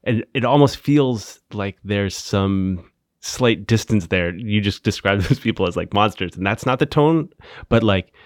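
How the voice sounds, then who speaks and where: Low-voiced casual male interviewer. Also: animated, measured pace, dry recording, clean studio sound. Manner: casual, uses many "like" fillers. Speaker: interviewer, host. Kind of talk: conversational interview.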